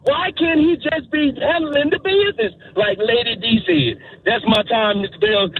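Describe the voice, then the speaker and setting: High-voiced man ranting on a phone line. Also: expressive, normal speed, hardly any pauses, husky. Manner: preachy, repeats himself, speaks straight to listeners. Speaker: caller to a radio show. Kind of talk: impassioned call-in rant. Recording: tinny phone line with faint hiss.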